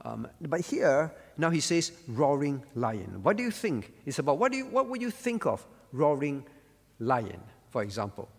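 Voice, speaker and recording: A man teaches scripture to a group, stopping often to ask questions and call on people by name. His voice sits fairly high for a man. The sound carries a long reverb, as in a large hall. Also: very animated, moderate pace, breathy edge. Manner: asks questions and calls on listeners by name, repeats key words. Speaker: pastor. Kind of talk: interactive Bible teaching.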